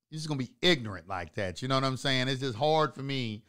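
A man hosts his own online channel, talking straight to live viewers in a long monologue. He preaches emphatically, repeats lines to drive them home and jumps from low, muttered asides to loud outbursts. His voice is smooth and resonant. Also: lively intonation, quick pace, few pauses. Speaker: host of an online talk channel.

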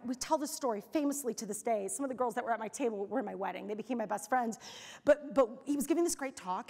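A woman in her forties giving an energetic, story-driven motivational keynote on a hotel ballroom stage, acting out the quotes in her stories. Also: high-pitched. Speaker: keynote speaker. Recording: reverberant hall.

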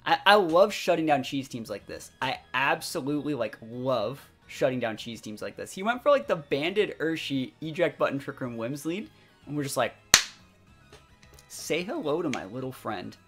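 A young man chatting excitedly as he commentates his own competitive game match, full of fillers. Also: medium pitch, normal speed. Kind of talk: live gameplay commentary. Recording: faint background music.

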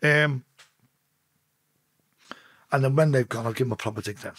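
A man's voice: medium pitch, normal speed, fairly bright tone, slightly rough, no room sound. A man with a Liverpool accent, telling blunt, profanity-laced stories as a podcast guest and often restarting his sentences. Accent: Liverpool (Scouse). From Liverpool, England. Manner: blunt, heavy swearing, restarts mid-sentence. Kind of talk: casual storytelling.

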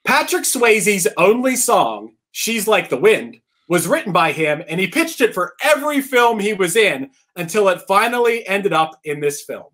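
A man hosting a live trivia podcast event, reading questions and scoring answers with quick restarts. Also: sits high. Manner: lively, stumbles and restarts, laughs between answers. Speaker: trivia quiz host.

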